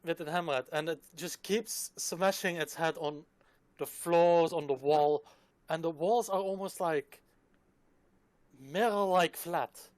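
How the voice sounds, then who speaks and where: A man narrating as dungeon master, describing the scene in a relaxed, casual way. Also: on the high side, measured pace, no echo. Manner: descriptive, laid-back, casual swearing. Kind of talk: narrating a tabletop game.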